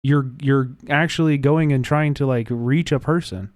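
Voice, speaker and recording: A man hosting a livestream, talking casually in an animated, profane, rambling way with many restarts. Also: mid-range voice, normal speed, no echo, clean studio sound. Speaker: livestream host. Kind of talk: casual reaction chat.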